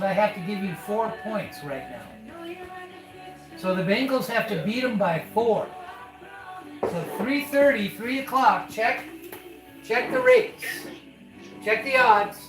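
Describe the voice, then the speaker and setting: Over loud music in an echoey room, a man with a high-sitting, lively, slightly slow voice hosts a casual live stream as a dad. Folksy and chatty, he talks betting odds and addresses his listener as "son."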